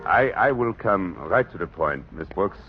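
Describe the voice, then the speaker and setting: A gallant Frenchman, deep voice. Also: animated, unhurried, soft background music. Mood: earnest. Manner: gallant, formal broken English. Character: courtly middle-aged Frenchman, flowery and earnest. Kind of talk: 1940s radio acting. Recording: dull old radio broadcast with faint hiss.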